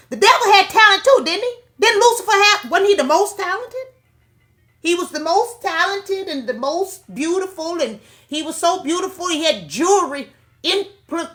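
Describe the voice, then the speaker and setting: A middle-aged woman delivers a blunt, profane rant, lecturing her viewers like a preacher. Her voice sits high and sounds bright. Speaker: online commentator. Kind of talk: casual opinion monologue.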